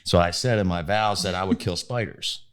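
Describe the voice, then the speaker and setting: A man's voice: low voice, normal speed, fairly bright tone, smooth. A young man talking as a podcast guest, an easygoing storyteller who laughs at himself. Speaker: interview guest, groom. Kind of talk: casual podcast conversation.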